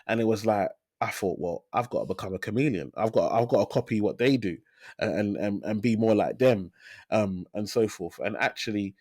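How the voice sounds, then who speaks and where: Energetic man telling his story, dry sound. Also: fairly low pitch, moderate pace, no room sound. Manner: energetic storyteller, repeats phrases for emphasis. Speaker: financial advisor, podcast guest. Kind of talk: casual interview talk.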